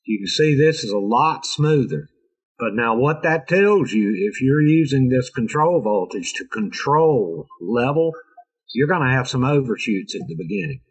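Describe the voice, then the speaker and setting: With lively intonation and a husky medium pitch, a North American man delivers a chatty engineering lecture over a video call, joking and adding sarcastic asides at normal speed. The recording quality is low.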